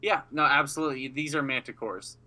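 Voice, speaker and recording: A man's voice: mid-range voice, brisk, bright, forceful tone, low-quality recording. A man narrating as the dungeon master of a casual tabletop game, loose and profane, often laughing.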